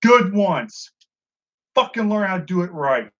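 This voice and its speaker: A high-pitched man talks wrestling in a loose, foul-mouthed review, getting worked up and playing out the wrestlers' lines himself. The recording is a little dull and lo-fi. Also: a little slow. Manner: excitable, swears a lot, acts out quotes. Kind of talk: casual profane commentary. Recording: dull lo-fi sound.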